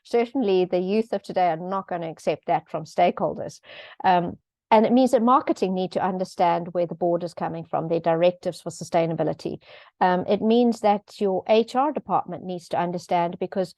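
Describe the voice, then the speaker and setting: A woman's voice: fairly low pitch, a little fast, a little mellow, dry recording. A middle-aged woman explaining governance topics in a conversational way, with light laughs and frequent ums. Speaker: governance expert speaking on a panel. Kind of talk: conversational explanation in an online event.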